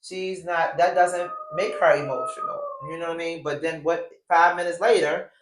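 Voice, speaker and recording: A woman's voice: lowish voice, big pitch swings, moderate pace, a little hiss or hum. A woman hosting a recap show in casual chat, blunt and rambling, with many fillers and frequent swearing. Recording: echoey room.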